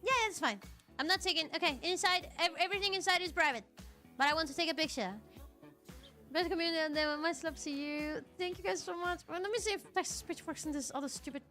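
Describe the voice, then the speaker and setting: High-voiced woman, gushing and teary. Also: fast, sharp tone, soft background music. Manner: gushing, laughing through tears. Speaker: guest receiving a gift. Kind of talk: emotional live-stream chat.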